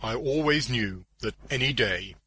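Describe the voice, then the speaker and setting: A man voicing a weary grown man who plays a superhero, speaking earnestly and gravely. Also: medium pitch, expressive, a little slow, bright, forceful tone, dry recording, full character voice.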